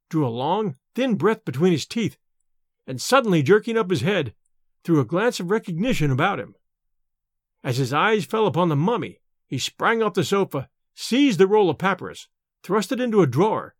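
A man narrating a classic horror story with a dramatic, expressive reading. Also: high-pitched, no echo, studio quality.

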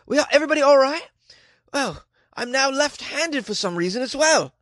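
High lilting voice, put-on jamaican accent, dazed chatty woman, man doing the voice, dry close sound. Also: lively intonation, normal speed, a bit bright, no echo. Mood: panicked. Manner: high, sing-song, exclaiming.

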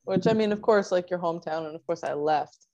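A young woman from Minnesota recounts stories in careful detail during a casual chat. Her voice sits a little low for a woman. The recording sounds dull and slightly lo-fi. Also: brisk, warm tone. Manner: storytelling, detailed.

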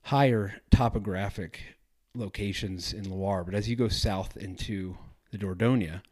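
Guy doing a solo travel podcast, lowish voice, rambles and corrects himself a lot. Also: measured pace, a little mellow. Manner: rambling, self-correcting, chatty. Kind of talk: casual solo podcast talk.

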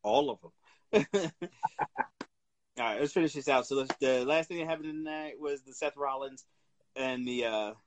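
A mid-range male voice at a moderate pace, pausing often, belongs to a wrestling podcast co-host. In casual chat he is a profane, animated storyteller who laughs his way through his tales.

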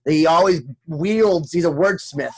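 A man's voice: fairly high pitch, a little slow. A man bantering on a casual podcast, teasing and wisecracking.

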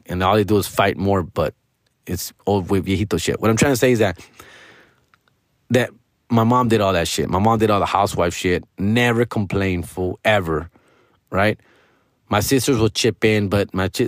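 In a fairly low voice, a man tells stories in a relaxed, foul-mouthed, slang-heavy way, switching into Spanish words and animatedly quoting others. The audio is studio quality with no room sound.

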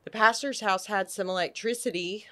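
A middle-aged woman from Texas telling an animated personal story on a podcast, acting out quotes and restarting her sentences. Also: medium pitch, moderate pace. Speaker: podcast guest. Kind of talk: casual storytelling.

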